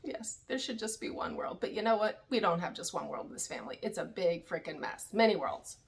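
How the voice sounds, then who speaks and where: A woman's voice: lowish voice, lively intonation, a little fast, gravelly, a little hiss or hum. A woman hosting a YouTube recap channel, chatting candidly and with opinions about a reality TV show. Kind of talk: casual chat.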